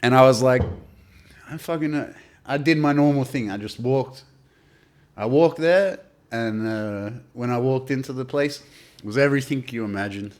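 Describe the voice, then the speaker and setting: An Australian man in casual podcast chat, telling animated anecdotes and swearing freely. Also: medium pitch, moderate pace. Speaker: podcast guest, artist.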